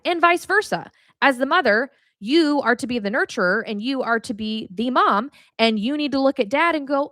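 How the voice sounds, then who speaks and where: A woman's voice: high-pitched, animated, moderate pace, fairly bright tone, no echo, clean studio sound. A woman hosting a podcast with a casual faith teaching, talking candidly and straight to the listener, swearing freely and speaking with emotion. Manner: talks straight to the listener, calls them honey. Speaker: podcast host.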